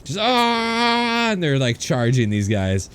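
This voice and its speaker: A man's voice: low voice, animated. A man narrating a tabletop game as game master, casual and full of fillers. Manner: casual, filler-heavy narration with quick quoted voices.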